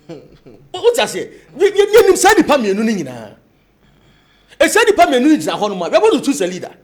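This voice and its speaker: Ghanaian man, high-pitched, lively, rapid-fire talk-show debater. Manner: animated, mixes Twi and English. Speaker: political panelist.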